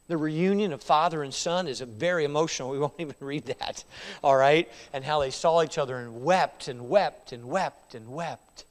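A male pastor delivering a sermon, his voice a touch higher than most men's. He swings from loud, stirring lines to hushed retellings. The sound rings with the long reverb of a church sanctuary. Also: moderate pace. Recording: reverberant hall.

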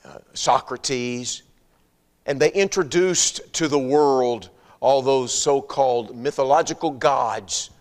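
A man's voice: mid-range voice, slow. A man preaching a sermon in an emphatic, repetitive style, firing rhetorical questions and dropping humorous asides. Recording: long hall reverb.

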